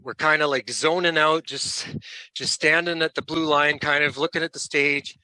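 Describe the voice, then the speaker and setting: A man, a rock band's lead singer, casually telling lively anecdotes as a guest and laughing along. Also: fairly high pitch, normal speed, clear, resonant tone, dry recording, poor audio. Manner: animated storyteller who laughs between lines.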